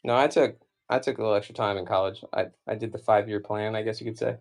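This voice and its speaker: A man's voice: lowish voice, fairly even intonation, fast talker, gravelly, darkish tone. A man in his forties from the United States, rambling casually through a live-stream comic auction with lots of fillers and asides. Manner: rambling and chatty, many fillers.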